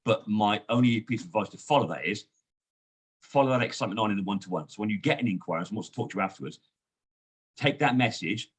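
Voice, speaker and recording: A man, a sales trainer and guest, coaching in a lively, emphatic way. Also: lowish voice, fast talker, slightly rough. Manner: lively, emphatic coaching with frequent "you know". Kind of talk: coaching conversation.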